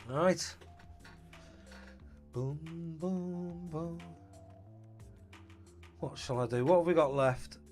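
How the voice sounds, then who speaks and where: A man chatting casually on a live stream, greeting viewers and thinking aloud about his team. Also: fairly high pitch.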